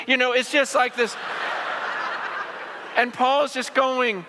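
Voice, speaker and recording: A male pastor preaches with a high, bright, forceful voice. He talks in an animated way, stumbling over repeated words and slipping into the voices of the people he quotes. The sound rings out with the long reverb of a large church hall. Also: takes it slowly, pauses often, slight background noise. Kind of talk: sermon.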